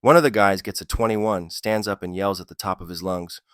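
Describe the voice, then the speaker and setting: A man's voice: low-pitched, steady tone, fairly quick, fairly bright tone, smooth, dry recording. A man narrating funny stories in a scripted style, with a dry comic delivery that lifts on the punchlines. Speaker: storyteller.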